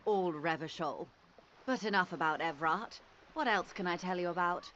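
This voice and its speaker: An actress playing a calm, curious, talkative company negotiator in a video game, speaking politely and evenly. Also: female voice, fairly low pitch, moderate pace, dull audio, slight background noise, natural voice.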